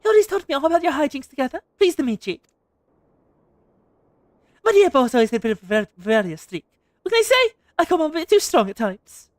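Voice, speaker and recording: A man's voice: extremely high pitch, sing-song, no room sound, studio quality, voice pushed up. Man voicing a fierce domineering mother. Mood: brisk. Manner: scolding, brisk and overbearing. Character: fierce middle-aged mother, pan-wielding and domineering. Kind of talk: reading game dialogue aloud in voices.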